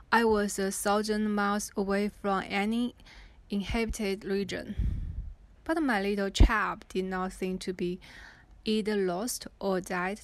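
A woman's voice: medium pitch, no echo. Woman reading a book aloud. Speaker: reader and explainer.

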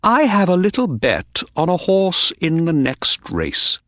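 A man voicing a calm, knowing detective in an audiobook, speaking in a quietly teasing way. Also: a little high, unhurried, dry recording, clean studio sound, pitched above the performer's own voice, exaggerated voice. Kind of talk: audiobook character reading.

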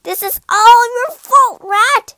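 A woman voicing a fussy, hot-tempered male cat who squeals and shouts indignantly in a storybook reading. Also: a little high, big pitch swings, a little slow, no room sound, clean studio sound. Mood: angry.

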